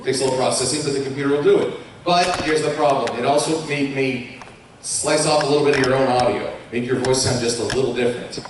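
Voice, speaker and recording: A man's voice: medium pitch, fairly even intonation, quick pace. A young man from Colorado giving a chatty, self-mocking talk as a YouTuber on a live convention panel. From Colorado, USA. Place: large convention hall with an audience. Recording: echoey hall from far off, faint hiss.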